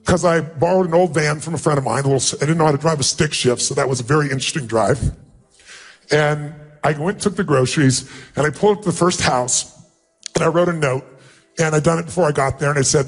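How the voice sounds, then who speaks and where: A man's voice: on the high side, quick pace. Man giving a motivational talk on stage, gets emphatic, bit of music behind. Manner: emotional storytelling, rising to emphatic peaks. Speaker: motivational speaker. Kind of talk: motivational speech.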